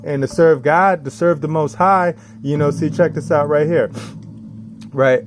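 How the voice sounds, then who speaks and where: A man giving a casual religious talk as an online preacher, tagging his points with "right?" and "check this out", reading scripture slowly and acting out quoted voices higher. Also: background noise. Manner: reads scripture slowly and deliberately.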